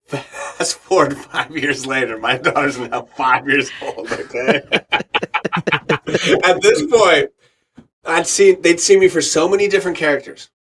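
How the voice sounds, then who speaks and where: A man's voice: a little high, unhurried, slightly rough. A middle-aged man, an actor and radio host, telling a story as a podcast guest and acting out the voices of people in it. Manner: animated storyteller acting out quoted voices, laughs often.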